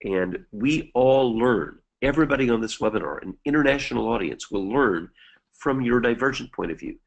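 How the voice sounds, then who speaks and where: A middle-aged man presenting an educational webinar as host, earnest and deliberate, repeating key points slowly. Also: medium pitch, lively intonation, vocal fry, low-quality recording.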